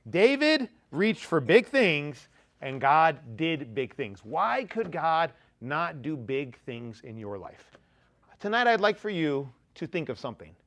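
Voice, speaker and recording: A male pastor giving a sermon to teenagers in a church, talking in a conversational, joking way that swings between loud emphasis and quiet asides. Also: fairly high pitch. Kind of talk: youth sermon. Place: church sanctuary.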